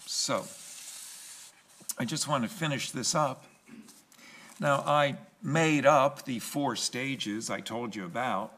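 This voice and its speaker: A man preaches from the pulpit at an unhurried pace, leaning on repeated phrases and letting pauses sit. His voice sits at an ordinary middle pitch. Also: a bit bright. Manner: slow, emphatic preaching with pauses and repetition. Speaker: pastor. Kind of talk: sermon.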